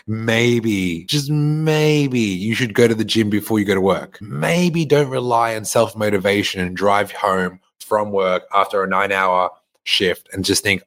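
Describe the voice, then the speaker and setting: Man, low voice, young adult, blunt motivational podcast host, swears freely. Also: a bit bright. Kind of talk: motivational monologue.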